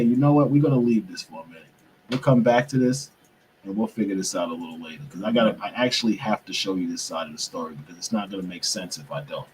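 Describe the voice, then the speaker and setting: A man's voice: fairly low pitch, darkish tone, a little hiss or hum, low-quality recording. A young man hosting a show, talking casually to viewers while he struggles with his computer, muttering and swearing to himself in frustration. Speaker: podcast host.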